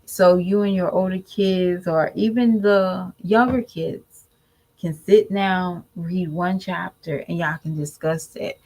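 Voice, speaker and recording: A woman's voice: fairly low pitch, slow pace, poor audio. A woman giving candid, preachy commentary to her viewers in a casual vlog. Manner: candid, preachy, animated mimicry. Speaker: vlogger.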